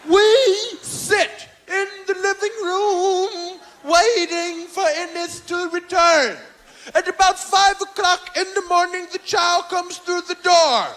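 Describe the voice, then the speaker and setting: A man performing a stand-up routine, telling a story loudly and shouting his punchlines. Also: very high-pitched. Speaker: stand-up comedian. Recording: live hall recording with crowd and hiss.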